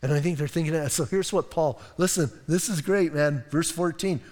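Enthusiastic male pastor, high voice, casual and animated, long hall reverb. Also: normal speed. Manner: animated, conversational, enthusiastic preaching. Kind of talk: sermon. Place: church sanctuary.

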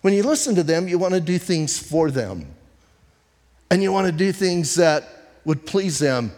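A male pastor delivers a conversational sermon with a slightly high voice, firing off rhetorical questions and dropping into slow, deliberate emphasis on key lines. His words ring out with a long reverb tail, as in a church sanctuary. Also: animated, a little mellow. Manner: emphatic, slows down on key phrases.

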